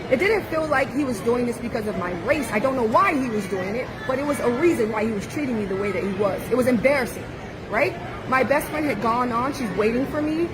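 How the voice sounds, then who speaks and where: A woman from the United States speaks in a slightly raised voice, hurt and earnest, close to tears. She keeps restarting her sentences as she recounts her story. Loud crowd chatter and traffic fill the open air around her. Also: on the high side, animated, brisk. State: upset, near tears. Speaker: tourist being interviewed. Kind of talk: emotional street interview account. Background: loud crowd and passing vehicles.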